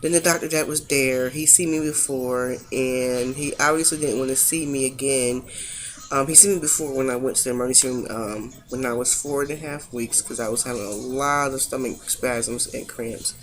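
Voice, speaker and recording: A woman's voice: very deep voice, steady tone, moderate pace. A young woman chatting to camera about a long emergency room visit, tired from sleeping all day, retelling events and acting out what people said, with features. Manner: chatty, recounting events with reenacted quotes; emotional, fighting back tears at times. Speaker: vlogger. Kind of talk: casual storytelling vlog.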